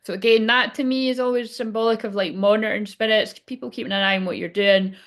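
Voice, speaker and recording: A woman's voice: medium pitch, fairly even intonation, quick pace, a bit bright. A woman giving a live spiritual card reading, chatty and chipper as she talks straight to her viewers.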